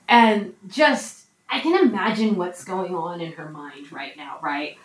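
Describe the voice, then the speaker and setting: A woman preaching a conversational sermon, often checking in with her listeners with a quick "right?". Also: lowish voice, animated, a bit bright. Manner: conversational, frequent "right?" asides. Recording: echoey room, mic at a distance.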